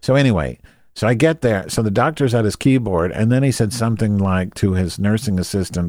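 A man's voice: fairly low pitch, expressive, fairly quick, darkish tone, no echo, clean studio sound. A man telling a rambling comic story, crude and sarcastic, often going off on tangents.

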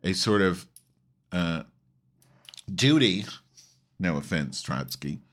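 A man's voice: sits low, lively intonation, slow pace, a bit bright. A man hosting an online call-in show, rambling in a campy, profane, loose way with many restarts. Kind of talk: casual rambling monologue.

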